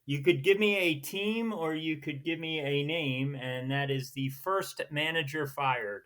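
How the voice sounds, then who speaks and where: Male podcast host, slightly higher voice, teasing, quick questions, casual chat. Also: a bit bright.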